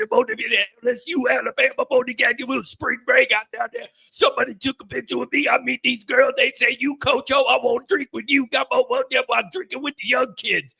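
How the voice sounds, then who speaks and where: A man's voice: very high-pitched, creaky, bright, forceful tone, slightly rough, full character voice. A man putting on the voice of a rowdy older male football coach, rambling and hollering. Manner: rambling, hollering, slurred party talk.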